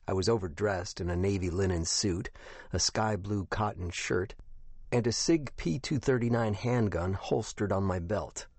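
A man narrating a first-person audiobook in a measured, even way. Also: sits low, no room sound.

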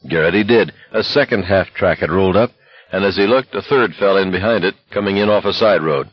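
A man reading a novel aloud as an audiobook narrator, in a steady, even manner. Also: deep voice, a little fast, slightly rough, no room sound, highs cut off, faint music behind.

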